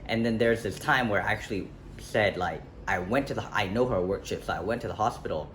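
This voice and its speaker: A man's voice: lowish voice, a little fast, fairly bright tone. A young man telling a personal story in a casual vlog, rambling and correcting himself with lots of fillers. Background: faint street ambience, passing traffic.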